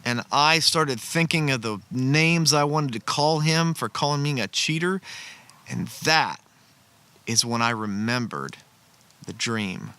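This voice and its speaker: Bright-voiced male storyteller, earnest and conversational, recorded outside by a fire. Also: medium pitch, lively intonation, a little slow, clear, resonant tone. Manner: earnest, conversational, with frequent restarts. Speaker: storyteller sharing a personal testimony. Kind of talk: casual spoken storytelling. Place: outdoors beside a campfire.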